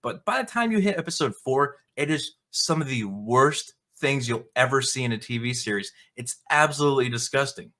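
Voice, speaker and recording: Indignant ranting man, bright voice. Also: medium pitch, expressive, moderate pace, few pauses. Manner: indignant, mocking, swearing. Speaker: video commentator. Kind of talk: ranting commentary vlog.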